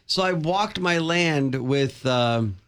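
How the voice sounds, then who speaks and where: A middle-aged man from the Chicago area spins rambling, self-deprecating stories in casual conversation. His voice sits a little higher than most men's. He acts out the other people in his tales as he goes. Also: slow, smooth. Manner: rambling anecdotes, self-deprecating, animated quoting. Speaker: co-host. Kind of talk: casual chat, storytelling.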